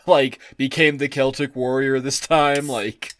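A man co-hosting a podcast in casual chat, a bit drunk, loud and giggly, swearing freely. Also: medium pitch, flat delivery, measured pace, background noise. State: tipsy from drinking. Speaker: podcast co-host.

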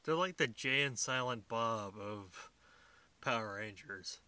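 A man's voice: mid-range voice, expressive, slow pace, sharp tone, no echo. A man co-hosting a casual movie podcast, cracking wry jokes and swearing. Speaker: podcast co-host. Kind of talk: casual movie-recap chat.

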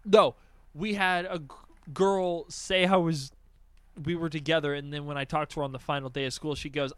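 A young man in casual chat, telling animated stories with lots of swearing and acted-out voices. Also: fairly high pitch, moderate pace, no room sound.

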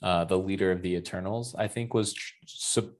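Man, lower voice, laid-back joking movie chat. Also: fairly even intonation, normal speed. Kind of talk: casual movie review chat.

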